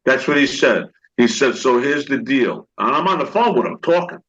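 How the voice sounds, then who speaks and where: His mid-range voice is expressive and a bit bright, at a normal speed. An older man and actor guest, he spins rambling anecdotes in a storytelling interview, imitating what others said and restarting often; the recording sounds dull and lo-fi.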